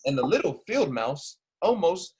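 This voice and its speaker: A man's voice: on the high side, normal speed, background noise. A male teacher reading a storybook aloud to children and stopping to ask them questions. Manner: lively, asks the children questions.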